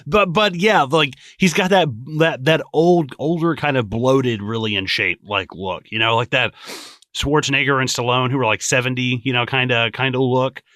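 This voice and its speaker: A man co-hosting a casual film podcast, venting in an animated, profane way and laughing often. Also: mid-range voice, normal speed, dry recording, studio quality. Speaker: podcast co-host.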